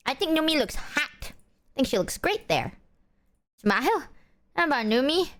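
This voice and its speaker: A woman's voice: high-pitched, sing-song, moderate pace, a bit bright. A woman streaming, chatting casually to her chat and stressing her points with insistent repeats. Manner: emphatic, insistent, repeats herself. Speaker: streamer reacting to a clip.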